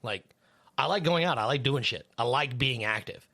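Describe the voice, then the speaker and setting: A man's voice: medium pitch, expressive, normal speed, pushed and bright. A man co-hosting a podcast, chatting casually in a rambling way, with lots of fillers and swearing. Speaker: podcast co-host; third shift worker.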